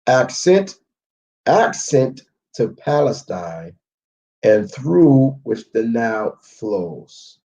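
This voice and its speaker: A man's voice: medium pitch, big pitch swings, extremely slow, dark tone, dull audio. A man giving a live Bible history lesson, walking through maps and word studies and checking in with listeners by asking "okay?" again and again. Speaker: Bible teacher.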